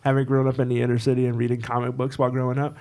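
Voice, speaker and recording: A man co-hosting a casual podcast in a studio, joking and animated as he talks. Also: mid-range voice. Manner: animated, joking, quick to laugh. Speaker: podcast co-host.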